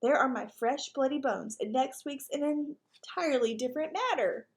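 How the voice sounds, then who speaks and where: A woman voicing a self-important, blustering male ranch dog who talks in a bossy, pompous way. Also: moderate pace. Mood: groggy. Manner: bossy and pompous, lower than her reading voice.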